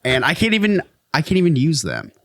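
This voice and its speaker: A man co-hosting a podcast in casual banter, turning loud and excitable when he argues. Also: a little high, fairly quick. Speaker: podcast co-host. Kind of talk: casual chat.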